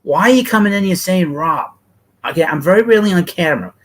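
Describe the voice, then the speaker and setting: A man's voice: high voice, lively intonation, fast talker, low-quality recording. A middle-aged man with a thick New York accent, hosting a baseball livestream and talking bluntly and ramblingly to his chat.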